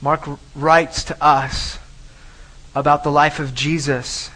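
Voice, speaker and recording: Man, pastor, sermon, emphatic, repeats phrases, higher pitch. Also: level tone, slow pace, bright, forceful tone, rough recording.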